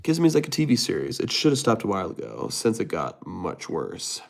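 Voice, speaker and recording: A man's voice: lowish voice, huge pitch swings, gravelly. Playful young man chatting on a livestream. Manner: playful, jokey, talks fast with quick asides. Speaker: livestream host. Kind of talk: casual livestream chat, reading viewer comments aloud.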